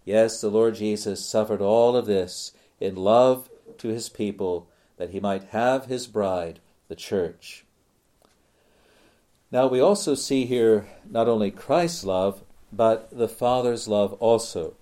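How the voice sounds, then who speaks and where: A man preaching a sermon, slow and deliberate, repeating phrases for emphasis. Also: lowish voice, dark tone.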